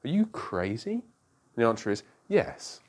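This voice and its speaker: A man teaching an interactive Bible study, asking the group questions and explaining with quick asides. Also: medium pitch, very animated, slightly rough.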